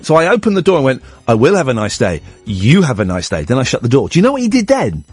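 Radio host guy, husky voice, telling a story all animated, keeps going "right?". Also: medium pitch, fast, soft background music. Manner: animated anecdote-telling with lots of "right?" and acted quotes. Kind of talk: casual radio chat, storytelling.

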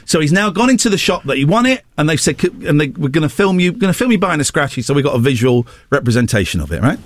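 A man hosting a radio show, chatting casually in an animated, teasing way. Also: on the high side, quick pace, no room sound, clean studio sound. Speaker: radio host. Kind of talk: casual chat.

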